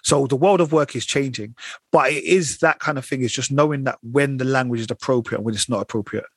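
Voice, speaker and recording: A man in casual podcast chat, animated and acting out voices in his stories. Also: mid-range voice, a little fast, breathy edge, no room sound. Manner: animated, acts out voices in anecdotes.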